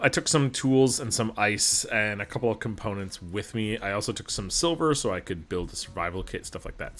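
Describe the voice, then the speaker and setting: A man from Alberta, Canada, chats through a gameplay session at his desk mic. He rambles and pokes fun at himself, and his voice sits a little low. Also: a bit bright. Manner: rambling, self-deprecating, chatty. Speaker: gaming channel host. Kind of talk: casual gameplay commentary.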